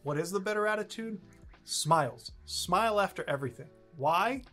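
Lawyer guy talking over a clip, candid and self-aware, slightly high voice, soft music underneath. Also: expressive, normal speed. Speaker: immigration lawyer, host. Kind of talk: explaining commentary on a video clip.

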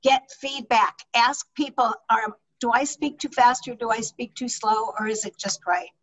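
A middle-aged woman, a public speaking coach, teaching an online leadership talk with energetic, emphatic delivery over a video call microphone. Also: on the high side, moderate pace, far from the mic, poor audio.

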